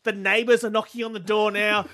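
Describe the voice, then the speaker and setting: A man's voice: high-pitched, little pitch movement, a little fast, pushed and bright. A young Australian man co-hosting a podcast, telling a rambling, self-mocking story in casual comedic chat. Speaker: podcast co-host.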